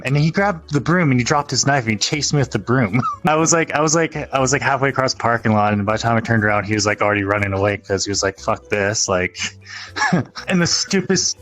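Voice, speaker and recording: A man telling a story in a casual interview, animated, laughing as he goes and swearing freely. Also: medium pitch.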